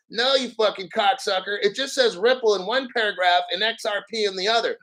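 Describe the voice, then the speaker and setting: A man hosting a crypto live stream, ranting in a brash, profane, mocking way and clearing his throat often. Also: high voice, a little fast, few pauses, fairly bright tone, rough recording. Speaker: crypto YouTube host.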